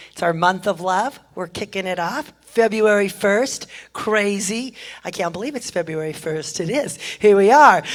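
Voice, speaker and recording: In a church sanctuary, a woman with a mid-range, fairly bright voice makes warm announcements to the congregation over a handheld microphone. She's effusive and heartfelt, repeats her thanks often, and speaks with a catch of emotion.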